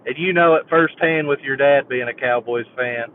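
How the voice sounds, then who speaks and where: This sports-show caller laughs while spinning a rambling fan story in phone-in chat. He has a mid-range voice and a moderate pace, and the line is tinny with a faint hiss.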